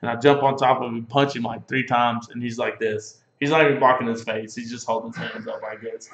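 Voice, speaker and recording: A man's voice: mid-range voice, steady tone, a little fast, fairly bright tone, a little hiss or hum. A man in his thirties hosting, telling a joking, profane story. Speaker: podcast host. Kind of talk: casual storytelling chat. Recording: echoey room, dull lo-fi sound.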